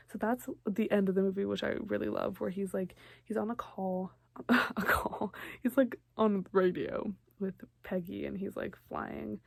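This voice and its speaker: A woman's voice: mid-range voice, gravelly, darkish tone, a little hiss or hum. A young woman casually recapping a movie, filler-heavy and chatty, often acting out the characters' lines. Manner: chatty, lots of likes and ums, acts out quotes. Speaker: vlogger.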